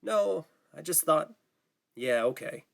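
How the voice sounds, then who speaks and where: A man's voice: fairly high pitch, lively intonation, slow, gravelly, fairly bright tone, voice pushed up, full character voice. Man voicing a dry, wry teenage camper. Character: teenage boy camper, rebellious but polite.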